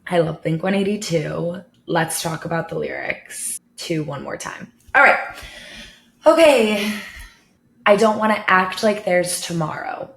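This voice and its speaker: A woman's voice: on the low side, unhurried, creaky, fairly bright tone, a little hiss or hum. A woman therapist reacting to a song in a casual video, talking in an emotional, gushing way and saying "like" a lot. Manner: emotional, gushing, heavy use of "like". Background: faint song playing.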